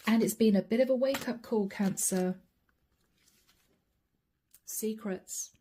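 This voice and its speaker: Mellow-voiced woman giving a chatty tarot reading. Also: fairly high pitch, takes it slowly, slight background noise. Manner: chatty, addresses viewers directly, reads cards aloud. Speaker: tarot card reader. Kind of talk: channeled tarot reading to viewers.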